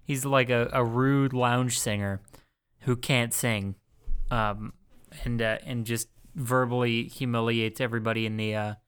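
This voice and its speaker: A man's voice: medium pitch, steady tone, measured pace, a bit bright, smooth. A man co-hosting a casual podcast chat, laughing often and playfully prodding his co-host.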